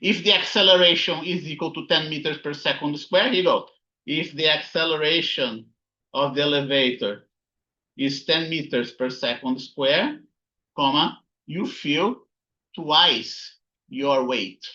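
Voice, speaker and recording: A man's voice: a little high, moderate pace, bright, forceful tone, highs cut off. A man teaching a physics lesson over slides, thinking aloud and often checking with "okay?" and "right?". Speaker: physics instructor. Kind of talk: recorded lecture with slides.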